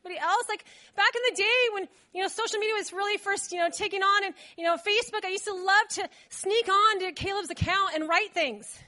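A woman preaching a sermon in a chatty, animated way, with asides to the congregation. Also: very high-pitched, fast, few pauses.

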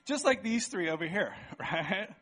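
High-voiced pastor preaching casually. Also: male voice, animated, unhurried, a bit bright. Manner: casual, chatty, often asks "right?". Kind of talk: sermon with live object lesson. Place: church sanctuary with band.

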